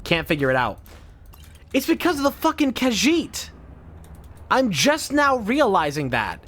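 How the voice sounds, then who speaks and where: A man streaming a game, rambling and swearing casually as he thinks out loud. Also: very high voice, wildly swooping pitch, a little slow. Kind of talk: casual gameplay commentary.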